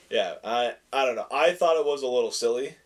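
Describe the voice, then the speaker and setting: Podcast co-host, male, slight lisp, mid-pitched, rambling opinionated chat. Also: moderate pace. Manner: rambling, self-correcting, animated opinions. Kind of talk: casual chat.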